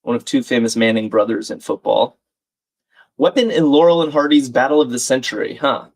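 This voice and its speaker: On his live crossword stream, the host talks at a slightly quick clip in a medium-pitched voice. He muses aloud over the puzzle, keeps the chat casual, and shares what viewers comment.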